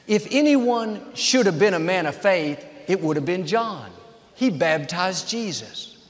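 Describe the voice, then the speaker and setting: Preaching in a high voice, this man builds his sermon from brief phrases he repeats on the way to each point. His delivery is sing-song and a little slow. His words echo with a long reverb, as if he stands in a vast hall.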